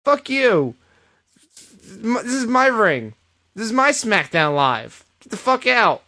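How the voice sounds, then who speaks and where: A man's voice: sits high, big pitch swings, slow pace, pushed and bright, voice pushed up, exaggerated voice. A man imitating a cocky male wrestler who taunts his rival in a mocking, brash, cursing way. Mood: taunting.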